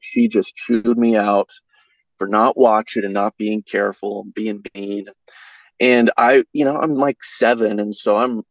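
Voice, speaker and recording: A man's voice: fairly low pitch, creaky, no echo, low-quality recording. A man guesting on a podcast, telling a folksy, rambling story in casual chat with lots of fillers.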